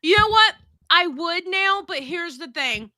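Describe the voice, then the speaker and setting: Bright-voiced, profane woman streamer. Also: very high voice, lively intonation, measured pace, dry recording, studio quality. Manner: profane, blunt and gossipy. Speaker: livestream host reading chat. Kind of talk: casual livestream chat.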